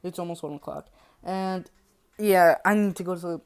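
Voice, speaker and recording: A woman's voice: on the low side, moderate pace, a little mellow, smooth. A woman casually summarizing a horror book, rambling and repeating herself. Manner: rambling, repetitive, giggly. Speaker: youtuber retelling a book.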